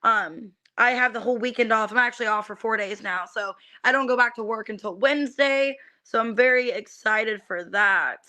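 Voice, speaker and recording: A young woman chats her way through a live tarot reading, loose and unscripted, full of ums and little asides to viewers. Her voice sits a touch high and rings bright and forward. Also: moderate pace, hardly any pauses. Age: young adult. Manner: chatty, many fillers, greets viewers by name. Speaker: tarot reader streaming live. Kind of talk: casual live-stream chat.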